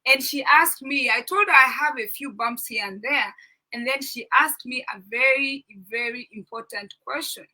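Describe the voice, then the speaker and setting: A middle-aged woman with a very bright, sharp tone and a slightly high voice talks through a parenting book. She is earnest and instructive, repeats key points for emphasis and checks in with her listeners. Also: moderate pace, low-quality recording. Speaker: parenting talk host. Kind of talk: informal talk discussing a parenting book.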